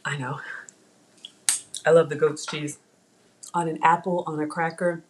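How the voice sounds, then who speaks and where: Middle-aged woman host, slightly low-pitched, talks casually to her stream audience while cooking at home. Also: flat delivery, unhurried, slight background noise. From Africa. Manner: chatty, addresses viewers as y'all. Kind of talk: live cooking stream chat. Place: home kitchen.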